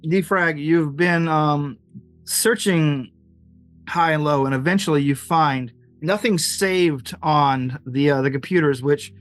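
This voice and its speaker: A man's voice: fairly high pitch, slow, fairly bright tone. A man narrating a tabletop game as game master, rambling with many fillers and laughs. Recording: dry sound with faint music.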